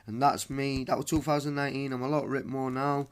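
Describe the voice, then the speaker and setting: A man's voice: mid-range voice, level tone, brisk. A man, ranting emphatically into his phone camera on a live stream, swearing and calling listeners mate. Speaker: vlogger.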